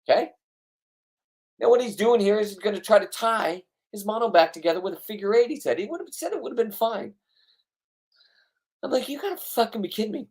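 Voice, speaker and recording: A man narrating his own fishing video in a casual voice-over, blunt, boastful and full of swearing. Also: medium pitch. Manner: blunt, profane, ranting, boastful. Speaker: fishing vlogger.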